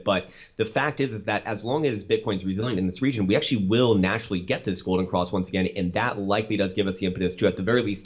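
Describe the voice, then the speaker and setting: A man walking through chart analysis on a call as a guest, rapid and full of restarts, in dull lo-fi call audio. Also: low-pitched.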